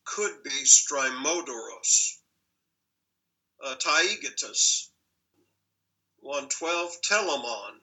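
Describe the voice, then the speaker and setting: Male teacher, unhurried and thoughtful, voice sits a bit high. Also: bright, forceful tone, poor audio. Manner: deliberate, musing, self-correcting. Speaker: teacher reading a pronunciation list. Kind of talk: slow pronunciation walkthrough.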